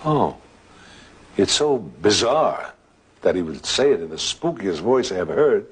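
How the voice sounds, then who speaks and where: Deep-voiced man telling a ghost story. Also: breathy edge. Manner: halting, relaxed, with restarts and "uh". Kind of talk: anecdotal storytelling.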